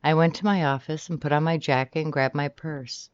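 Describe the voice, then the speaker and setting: An audiobook narrator reading a romance novel in the first person, animated and shifting pitch often from line to line. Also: fairly quick, smooth, dry recording. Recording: slightly dull, dry recording.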